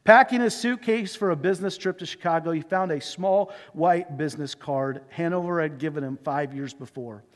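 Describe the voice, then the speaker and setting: A male pastor delivers an earnest, emotive sermon story and then a heartfelt prayer. His voice sits high for a man. It rings with the long reverb of a church sanctuary. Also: normal speed, few pauses. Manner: earnest, emotive retelling with shifting pace.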